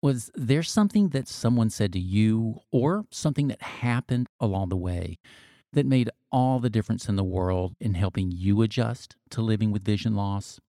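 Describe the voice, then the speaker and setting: A man hosting a podcast, reading a friendly outro in a steady voice. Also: lowish voice, normal speed, no echo, studio quality. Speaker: podcast host. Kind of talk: scripted outro.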